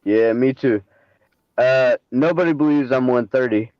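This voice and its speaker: A man's voice: mid-range voice, unhurried, a little mellow, dry recording. A man jokes and heckles in crude, casual talk. His voice comes through dull and dry, a bit muffled and close. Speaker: chat guest. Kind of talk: casual chat.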